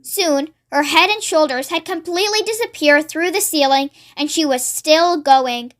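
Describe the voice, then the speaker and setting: A read-along narrator reading a children's story aloud in a steady, expressive way, then signing off to viewers. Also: high-pitched, normal speed.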